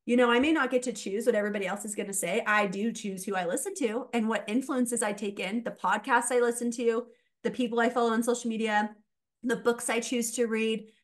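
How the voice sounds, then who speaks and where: Woman mindset coach on a podcast, kinda high voice, lively, laughs a lot. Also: fairly quick. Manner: animated, laughs often, acts out quoted voices. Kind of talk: casual podcast conversation.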